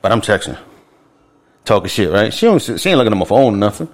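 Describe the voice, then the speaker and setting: Animated, lively man telling a story. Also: lowish voice, fast talker. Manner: animated, profane, laughing storyteller. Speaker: podcast co-host. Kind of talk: casual storytelling among friends.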